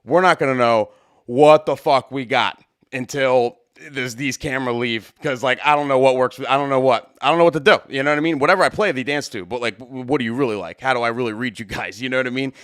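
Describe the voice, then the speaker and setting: Casting: young male wedding DJ, mid-pitched, dry close sound, loose excitable storyteller who swears and rambles. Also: quick pace, clear, resonant tone, no room sound. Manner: rambling, profane, filler-heavy, excitable. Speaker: wedding DJ and show host. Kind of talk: casual storytelling.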